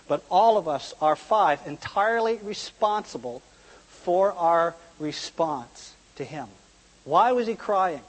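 A man preaching a sermon, earnest and emphatic, slowing down to stress key points. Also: high voice, breathy edge. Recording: long hall reverb.

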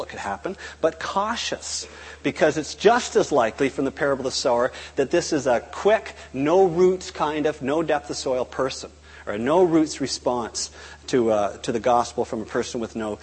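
Male preacher, husky voice, animated delivery with acted-out dialogue; reverberant hall sound. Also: a little high. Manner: animated, acts out dialogue in quotes. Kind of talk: sermon.

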